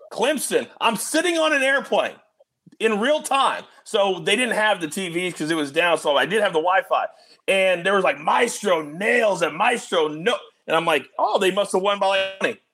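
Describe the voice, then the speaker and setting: Male host, high and lively, jokey energetic show opener. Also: slightly rough. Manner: animated, joking, quick to tease guests. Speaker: host of a sports betting show.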